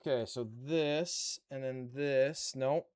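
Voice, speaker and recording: A man's voice: medium pitch, fairly even intonation, slow, a little mellow, smooth. A man live-streaming a model-kit build, chatting with viewers and muttering to himself as he works. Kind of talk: casual live-stream chat.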